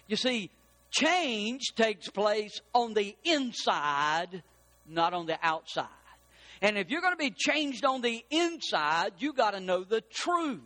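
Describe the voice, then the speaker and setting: A man preaching a sermon as pastor, with emphatic repetition that builds toward shouting. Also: high voice, lively intonation, measured pace.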